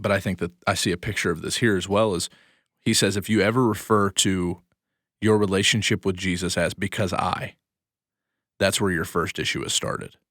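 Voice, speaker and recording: A man's voice: low voice, fairly bright tone, dry recording, clean studio sound. A man co-hosting a church podcast, agreeing often and laughing as he reflects on scripture. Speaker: podcast co-host, church leader. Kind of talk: casual chat about scripture.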